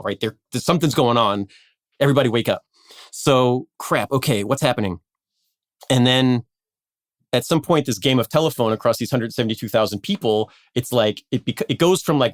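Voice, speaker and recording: A man casually telling a history story on a podcast, animated, acting out quotes and laughing often. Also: medium pitch, moderate pace, no room sound, clean studio sound.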